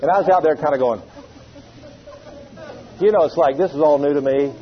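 A man's voice: on the high side, brisk. A middle-aged man preaching a sermon, telling stories with acted quotes and calling on the congregation to respond. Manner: animated storytelling with acted quotes and call-and-response. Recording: dull lo-fi sound.

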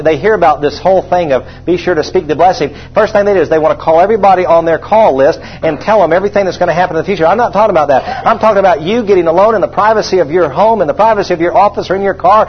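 Fervent high-voiced preacher. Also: male voice, rapid-fire, few pauses, a little hiss or hum. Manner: emphatic, repeats phrases, rises to loud proclamations when reading scripture. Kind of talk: sermon. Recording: dull lo-fi sound.

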